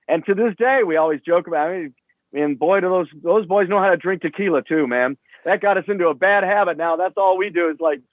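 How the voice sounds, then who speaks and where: Over a tinny remote line with no echo, a high-voiced man in his sixties tells casual stories as a rock musician guest. He rambles, swears and leans heavily on filler words.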